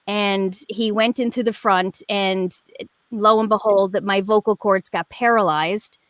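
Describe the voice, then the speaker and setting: A woman in her forties, a guest performer telling a story in a rambling, animated way with lots of fillers over a video call. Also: medium pitch, unhurried, no room sound. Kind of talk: casual chat.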